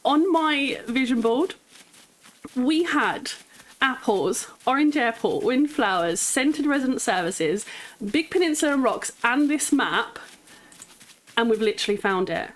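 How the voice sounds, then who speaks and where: A woman giving excited gameplay commentary as a gaming YouTuber, gushing with nervous laughter and squealing bursts of joy. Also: high-pitched, a little slow, poor audio.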